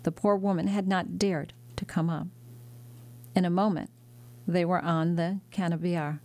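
A woman narrates a classic novel as an audiobook. Her voice sits a little low. She reads in a measured, dramatic way. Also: fairly even intonation, a little mellow. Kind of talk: scripted narration.

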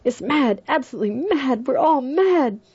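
A woman doing a sharp, rattled adventurer man. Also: moderate pace, dull audio. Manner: sharp, clipped, getting shrill.

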